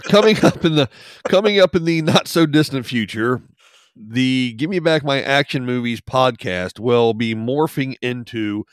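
A male podcast co-host with a head cold, sounding nasal and gravelly, chatting casually and rambling a little. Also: mid-range voice, no echo, clean studio sound. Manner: rambling, restarts, self-deprecating. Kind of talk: casual chat.

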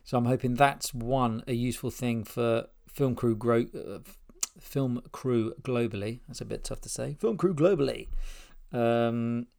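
A middle-aged man from Spain and England hosts his podcast from a spare room, rambling sincerely and without a script, restarting many times. He speaks at a moderate pace with few pauses, in a medium, slightly mellow voice that barely moves in pitch.

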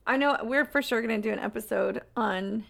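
A woman's voice: fairly high pitch, fairly quick, creaky, fairly bright tone. A woman co-hosting a podcast, chatting casually about songs and rambling with many fillers and restarts. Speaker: podcast co-host. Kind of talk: casual chat.

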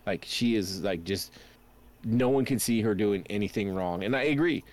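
A man's voice: on the low side, lively intonation, normal speed, a little mellow. A man hosting a casual pop-culture chat, rambling with many fillers and restarts.

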